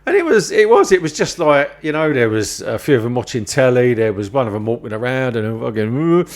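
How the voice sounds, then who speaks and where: A man's voice: medium pitch, brisk. A man telling a long, sweary anecdote in casual chat, acting out the other people in his story. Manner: swearing, animated anecdotes with acted-out quotes. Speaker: podcast host.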